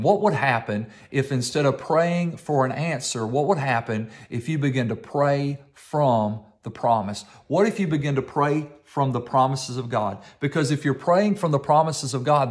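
Male pastor, mid-pitched voice, emphatic sermon delivery with repetition. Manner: emphatic preaching with repetition and slowed stress.

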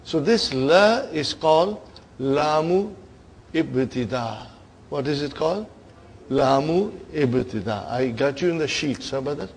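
A man lecturing a grammar class, his voice sitting a little high and his delivery slow and deliberate. He keeps stopping to check that his students follow, and a faint hiss of noise runs underneath. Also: lively intonation. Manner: asks the class frequent checking questions. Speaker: Arabic grammar teacher.

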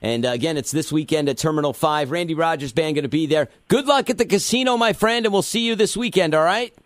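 A male radio morning-show host with a somewhat high voice who keeps the chat moving. He leans on fillers and sounds close and dry in the studio. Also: fast talker, no echo. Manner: chatty, with frequent fillers.

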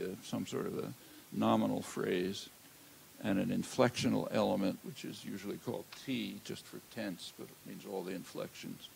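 An older man giving an academic lecture in a lecture hall, measured and halting, with many "uh" fillers. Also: on the low side, gravelly, a little mellow, slight background noise. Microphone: handheld or lectern mic.

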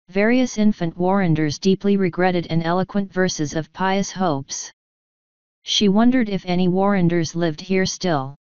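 A woman narrating an audiobook in a measured, even reading voice. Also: on the low side, clear, resonant tone, dry recording. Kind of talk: scripted narration. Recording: dull lo-fi dry recording.

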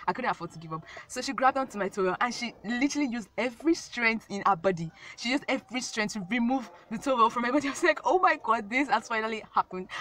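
A woman's voice: mid-range voice, fairly bright tone. A young woman telling a casual storytime vlog, rambling and repeating herself with many fillers. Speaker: vlogger.

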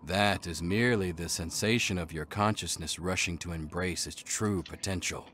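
An actor playing a solemn tribal elder in a video game, speaking in grave, ceremonial phrases. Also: male voice, low voice, normal speed, a bit bright, a little hiss or hum.

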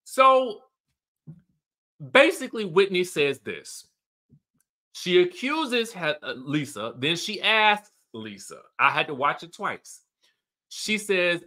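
A man's voice: high voice, big pitch swings, takes it slowly, pauses often, sharp tone. A man hosting casual reality TV recap commentary, chatty and emphatic. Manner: chatty, emphatic, keeps asking "okay?".

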